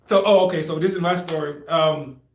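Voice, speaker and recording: A young man with a lively storytelling manner, chatting on a podcast. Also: on the high side, brisk, roomy sound. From Brooklyn, New York. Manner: animated storyteller acting out quotes. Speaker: podcast co-host. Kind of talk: casual storytelling chat.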